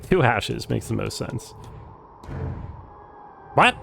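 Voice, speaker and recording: Faint music plays behind a young man speaking extremely slowly in a mid-range voice with vocal fry. He has a Californian accent and chats easily during a live game stream, using "like" a lot.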